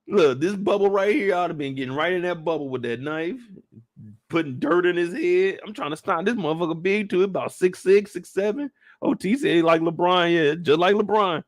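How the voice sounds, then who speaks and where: A young man giving a casual, profane, joking recap of a TV episode, lively and quick to burst into loud shouts. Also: high voice, no room sound, clean studio sound. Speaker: show recap reviewer. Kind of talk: casual live recap commentary.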